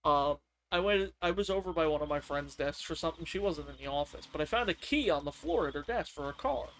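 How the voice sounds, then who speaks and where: A man streaming a game, telling work stories in a casual, animated way and acting out his coworkers' lines. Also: on the high side, quick pace, a little hiss or hum. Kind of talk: casual storytelling on a live stream.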